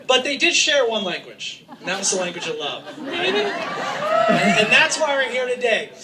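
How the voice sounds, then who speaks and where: A man from Utah giving an impassioned, joking public speech to a crowd as an activist, sometimes raising his voice to a shout. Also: extremely high pitch, very animated, moderate pace. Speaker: activist speaking at a rally. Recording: distant mic with faint background noise.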